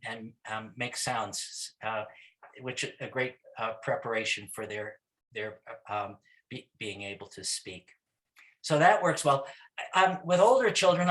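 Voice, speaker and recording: Chatty man teaching music to kids. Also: on the high side. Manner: many restarts and fillers, bursts into loud rhythmic chants. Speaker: music teacher giving a talk. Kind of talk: informal lecture with chanting demos.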